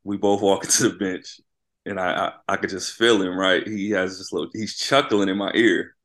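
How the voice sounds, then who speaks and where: A former college basketball player who now coaches high school tells an animated basketball story during a casual interview. His voice is very low, his pace moderate, and he keeps checking in with his listener.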